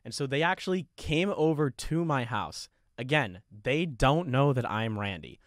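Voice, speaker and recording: A man's voice: mid-range voice, moderate pace, dry recording. Profane young man telling a story dry. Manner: profane, laughing often, animated retelling. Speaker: podcast host. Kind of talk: casual storytelling monologue.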